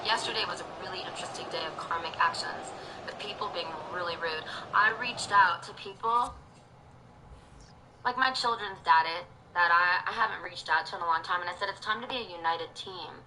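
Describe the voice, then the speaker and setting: A woman's voice: on the low side, brisk, pushed and bright, a little hiss or hum, low-quality recording. A woman streamer talking straight to her viewers in a theatrical, rambling rant. She jumps from one thought to the next, with big dramatic swings in how she says things. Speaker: livestreamer.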